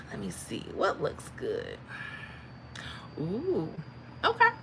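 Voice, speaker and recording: A woman's voice: lowish voice, wildly swooping pitch, very slow, gravelly, background noise. A woman from Florida, hosting a casual livestream and answering viewer comments. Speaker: livestream host.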